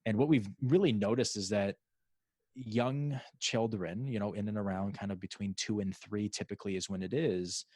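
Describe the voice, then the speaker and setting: A man with a fairly low voice hosts a casual podcast chat, circling his points with fillers and restarts. His voice sits dry and close to the mic. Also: fairly even intonation, moderate pace, darkish tone, no echo. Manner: rambling, many restarts and fillers. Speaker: podcast host.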